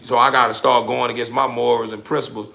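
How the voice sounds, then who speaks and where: A man giving a preachy motivational rant straight to the listener, repeating his points and swinging from low muttering to loud emphatic bursts. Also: little pitch movement, fast, vocal fry. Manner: preachy, addresses listener directly, repeats himself. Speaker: social media commentator. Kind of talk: motivational street-talk rant.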